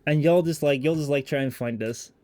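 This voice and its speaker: A man's voice: on the high side, a little fast, darkish tone, no room sound. Chatty Dutch-born male streamer. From Netherlands. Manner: rambling, swearing, self-mocking. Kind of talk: casual livestream chat.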